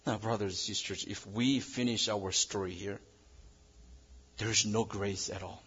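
A male pastor preaching a sermon in English that is not his first language, swinging between loud emphasis and a quiet hush. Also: lowish voice, steady tone, unhurried, breathy edge, highs cut off. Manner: non-native English phrasing.

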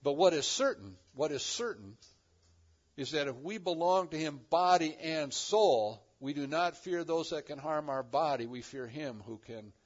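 A man preaching a sermon as pastor, swinging between loud emphatic lines and hushed ones. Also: a little high, husky, lo-fi sound.

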